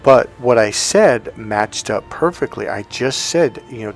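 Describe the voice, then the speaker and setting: A middle-aged man coaching on relationships in a loose, talky monologue. His voice sits at an ordinary middle pitch, and he plays out both sides of a quarrel as he tells it. Faint music runs underneath. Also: moderate pace. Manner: animated storytelling, acts out both sides of a quarrel. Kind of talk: casual monologue.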